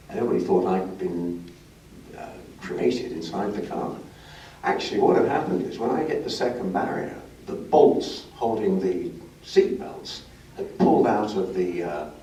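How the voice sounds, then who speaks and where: Older raconteur, low voice, wry and self-deprecating, distant mic in a roomy hall. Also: male voice, a little hiss or hum. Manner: lively, self-mocking, wry humor. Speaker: guest speaker. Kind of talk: anecdotal storytelling to an audience. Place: club brunch function room. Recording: echoey room, recorded from a distance.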